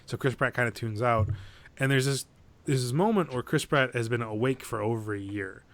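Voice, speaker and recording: A man's voice: medium pitch, moderate pace. A man on a podcast, talking casually and with energy as he retells a movie, swearing freely and acting out lines from it. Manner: animated, swearing, acts out quoted lines. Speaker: podcast co-host.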